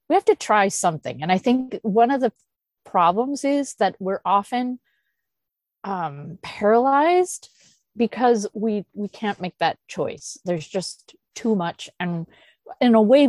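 A woman leading a meditation group discussion, thinking aloud with soft sighs and laughs. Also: medium pitch, no echo. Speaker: Zen teacher leading a discussion. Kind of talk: unscripted dharma talk and Q&A.

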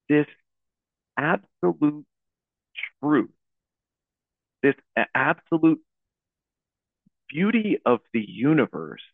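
A young man leading a Buddhist dharma talk, speaking in a halting, searching way with many restarts. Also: fairly high pitch, no echo. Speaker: teacher leading a Zen talk. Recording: tinny phone-like audio.

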